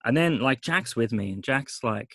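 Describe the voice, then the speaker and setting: A man's voice: mid-range voice, moderate pace, dry recording. A middle-aged man tells a story on a podcast in casual chat. He acts out each person's lines and swears freely. The sound is dry and close to the mic. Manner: animated retelling, swearing, acting out quoted voices. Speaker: podcast co-host.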